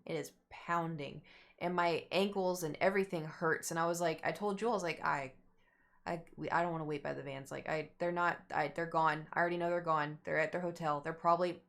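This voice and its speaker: A young adult woman streamer casually telling a long story to her chat, rambling and acting out what people said. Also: lowish voice. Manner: rambling, animated, acts out quotes.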